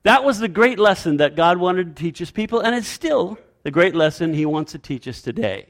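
A man's voice: high voice, sing-song, a little fast. A man preaching a sermon as pastor, repeating his key phrases emphatically and leading the congregation in call-and-response.

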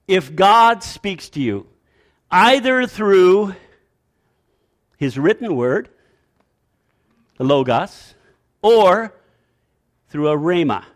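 A man preaching a sermon as pastor, repeating his key phrases emphatically and leading the congregation in call-and-response. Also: fairly high pitch.

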